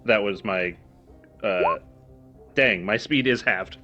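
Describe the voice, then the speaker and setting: A man's voice: lowish voice, takes it slowly, pushed and bright, dull audio, faint music behind. A man playing a tabletop game, chatting casually and checking the rules. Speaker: player.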